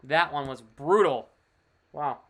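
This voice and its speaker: A man streaming casual live play-by-play commentary of a baseball game, chatty and excitable over big plays, with offhand asides. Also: on the high side, slow pace.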